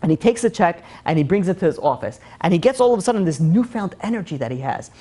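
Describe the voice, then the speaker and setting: A man, a rabbi, giving a class on faith, telling a story expressively and swinging from loud to soft. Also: sits high, lively intonation, quick pace.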